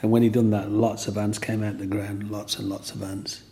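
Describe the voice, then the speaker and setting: Gravelly older Englishman, rambling. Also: lowish voice, flat delivery, moderate pace, dark tone. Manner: rambling, with restarts and "you know what I mean". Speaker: interviewee. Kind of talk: storytelling.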